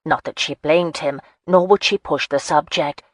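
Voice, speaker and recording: A woman narrating a romance audiobook in a steady, even storytelling manner. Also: sits low, moderate pace, no room sound. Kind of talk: scripted narration.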